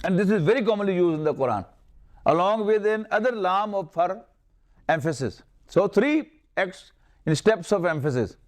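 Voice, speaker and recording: An older man from Pakistan whose first language is Urdu, teaching Arabic grammar in a classroom lecture and slowly drilling verb forms. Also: high-pitched, lively intonation.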